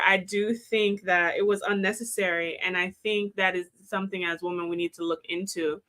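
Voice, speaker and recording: A woman's voice: mid-range voice, pushed and bright. A woman on a discussion panel who lectures other women listeners directly.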